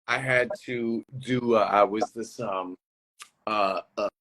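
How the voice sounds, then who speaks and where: A man being interviewed as a guest actor over a video call, telling rambling, animated stories in a casual chat and laughing easily. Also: on the low side, slow.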